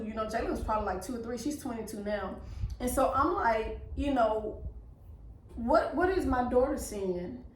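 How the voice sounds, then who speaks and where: A woman's voice: a little high, slight background noise. A woman in her fifties giving an earnest personal testimony in casual faith talk. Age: 50s. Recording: echoey room.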